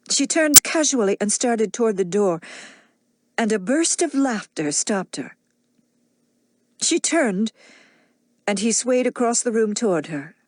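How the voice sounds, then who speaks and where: A woman narrating an audiobook in a measured, dramatic reading style. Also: fairly high pitch, no room sound, studio quality. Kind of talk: scripted narration.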